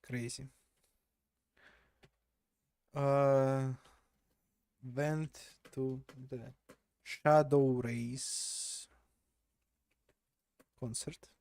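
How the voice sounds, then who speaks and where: Rambling, laughing young man, slow and dry. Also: mid-range voice, fairly even intonation, darkish tone, clear, resonant tone, no echo. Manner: rambling, laughing, reads chat aloud. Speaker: streamer. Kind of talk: casual live-stream chat.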